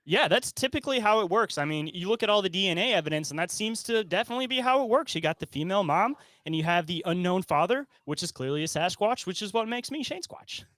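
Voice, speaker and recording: A man with a fairly high voice hosts a casual, joking chat and laughs often. The mic sits close and the sound is dry, with no room echo. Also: animated, quick pace, few pauses, fairly bright tone. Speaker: podcast co-host.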